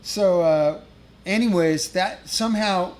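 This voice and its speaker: A man's voice: sits high, takes it slowly, darkish tone. A middle-aged man telling a rambling, profane touring story as a guest musician, laughing at his own tale. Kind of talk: casual storytelling.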